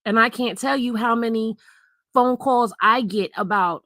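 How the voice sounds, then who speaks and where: A woman's voice: a little high, measured pace, pushed and bright, no room sound. A middle-aged woman blogger giving candid, emotional livestream commentary, earnest and repeating herself for emphasis.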